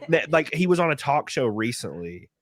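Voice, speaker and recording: A man's voice: a little high, big pitch swings, normal speed, no echo. A man with a cold hosting a casual live stream chat, rambling, laughing often and reading out viewer donations. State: sick with a cold. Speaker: stream host.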